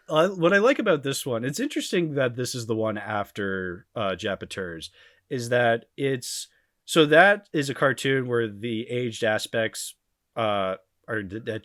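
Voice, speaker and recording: A man's voice: mid-range voice, animated, measured pace, a bit bright, no echo, clean studio sound. A man chatting casually on a podcast about old cartoons, laughing often and restarting his sentences. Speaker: podcast panelist.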